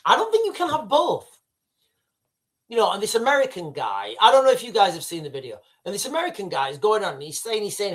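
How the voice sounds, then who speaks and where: A man's voice: sits high, wildly swooping pitch, quick pace, a bit bright. A middle-aged British man hosting a livestream, rambling and sidetracking as he talks to his chat. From United Kingdom. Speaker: livestream host. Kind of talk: casual livestream commentary.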